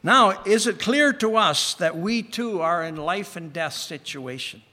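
High-voiced preacher in a reverberant hall. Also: male voice, lively intonation. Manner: earnest, slows for emphasis and sinks to a hush. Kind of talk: sermon.

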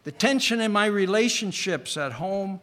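A man preaching a sermon in an earnest way. He slows down to stress key words and often sinks to a hush. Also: high-pitched, animated. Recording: reverberant hall.

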